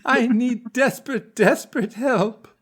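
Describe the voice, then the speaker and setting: A man voicing a woman in a drawn-out, high falsetto, pleading desperately for help. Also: fairly bright tone, slightly rough, heavily acted.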